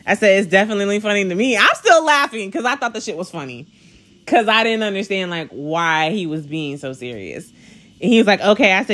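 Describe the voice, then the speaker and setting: A young woman talks into her podcast mic in a loose, slangy monologue, laughing through her own story. Her voice sits at a middle pitch and stays conversational, with plenty of amused asides. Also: very animated, unhurried, a bit bright. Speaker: podcast host.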